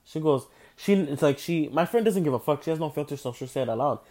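A tired young man with a slightly high voice spins a rambling storytime. He swears freely, restarts often and stays animated. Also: fast. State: tired, yawning. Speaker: vlogger telling a story. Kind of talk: casual storytime.

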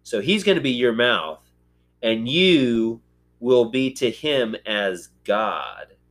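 A man at the center of a laid-back podcast, talking through ideas at an unhurried pace. His pitch sits in an ordinary middle range, and he pauses often with ums and uhs as he works his thoughts out. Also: animated, fairly bright tone. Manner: unhurried, thinking aloud with frequent fillers. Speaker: podcast host. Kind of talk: casual Bible discussion.

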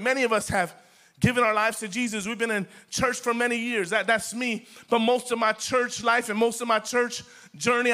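High bright-voiced preaching man. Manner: impassioned preaching, repetitive, addresses the congregation as church. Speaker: pastor. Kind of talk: sermon.

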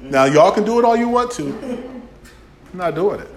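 A man preaching a sermon, telling lively stories and acting out dialogue. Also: high-pitched, moderate pace, roomy sound.

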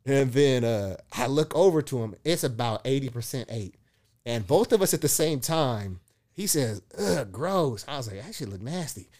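Speaking at normal speed with a medium-pitched voice, a middle-aged man who works as a motivational speaker talks casually on a podcast. He tells his stories with animation, performing the dialogue and cursing freely.

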